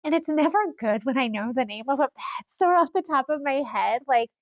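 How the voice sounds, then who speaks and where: A woman co-hosting a casual podcast, telling stories in an animated way and laughing often. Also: sits high, a little fast, no echo, muffled recording. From Iowa. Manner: animated storyteller, laughs often, acts out quoted people. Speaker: podcast co-host.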